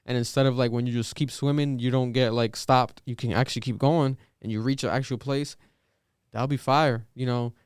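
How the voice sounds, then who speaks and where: A man hosting a podcast in casual chat, animated, swearing casually and often saying "yo". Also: mid-range voice, normal speed, clear, resonant tone, no echo, clean studio sound. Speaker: podcast host.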